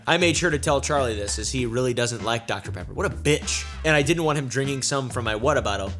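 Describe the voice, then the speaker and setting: A man's voice: mid-range voice, fairly bright tone. A young man hosting a comedic reaction video, reading posts aloud and ranting bluntly with lots of swearing and sarcasm. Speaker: online reaction video host.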